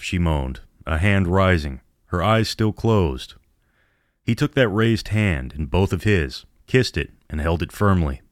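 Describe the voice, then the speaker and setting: A man narrating a horror story in a measured storytelling manner. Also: low voice, expressive, no echo, clean studio sound.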